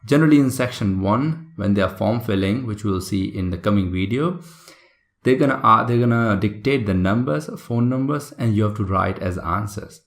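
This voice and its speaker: Male tutor, low voice with some fry, patient explainer. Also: moderate pace. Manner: explanatory, checks in with listeners. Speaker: English test tutor. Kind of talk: recorded video lesson.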